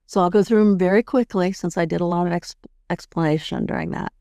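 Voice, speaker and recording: Middle-aged woman, podcast host, calm instructive delivery, some vocal fry, dry close mic. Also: fairly low pitch, fast, dry recording. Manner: calm, guiding, demonstrates steps; adds "right?" to check in with listeners. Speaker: podcast host and tapping coach.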